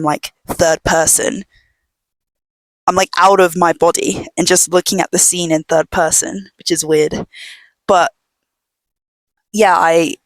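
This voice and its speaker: Young female podcast host, lowish voice, loose rambling chat at home, dry close sound. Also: no echo. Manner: rambling, filler-heavy storytelling with many "like"s; drops to a hush at times. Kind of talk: casual chat.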